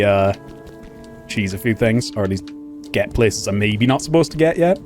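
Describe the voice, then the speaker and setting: A man giving casual, excitable commentary while playing a video game, laughing often. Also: mid-range voice. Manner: excitable, laughing, chatty asides. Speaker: gaming channel host.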